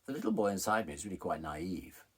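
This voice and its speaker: A man's voice: low-pitched, quick pace, breathy edge. A middle-aged man frankly telling a personal story, retelling scenes with animation.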